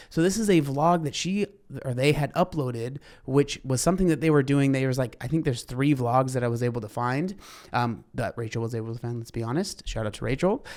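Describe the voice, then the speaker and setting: A man's voice: medium pitch, a little mellow. Rambling man commentating casually. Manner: rambling, filler-heavy, frequent restarts. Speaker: commentary host.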